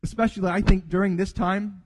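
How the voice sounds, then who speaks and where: A man's voice: high-pitched, steady tone, a little fast, long reverb tail. A man preaching a sermon earnestly, acting out quoted dialogue as he goes. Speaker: pastor.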